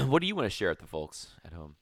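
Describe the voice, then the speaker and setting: A man co-hosting a podcast, chatting casually and swinging between mumbled asides and excited outbursts. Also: medium pitch, brisk, vocal fry, no echo, studio quality. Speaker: podcast co-host. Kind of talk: casual banter.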